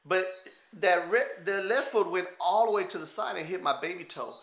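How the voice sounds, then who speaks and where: Man, Texan accent, high bright voice, animated storyteller, acts out quotes, roomy studio echo. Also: normal speed. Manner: lively, acts out quotes, laughs often. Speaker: guest telling his story. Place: television studio.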